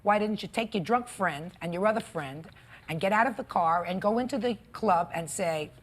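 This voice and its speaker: A woman's voice: mid-range voice, moderate pace, breathy edge. A woman presiding as a TV courtroom judge, stern and scolding, cutting the litigants off. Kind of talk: courtroom arbitration. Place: courtroom studio.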